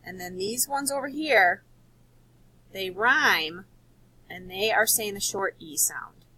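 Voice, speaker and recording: ゆっくり話すハスキーな女性教師. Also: female voice, medium pitch, lively intonation, bright, forceful tone, husky, no room sound, low-quality recording. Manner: patient, explains slowly and repeats words. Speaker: teacher. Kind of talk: recorded spelling lesson for children.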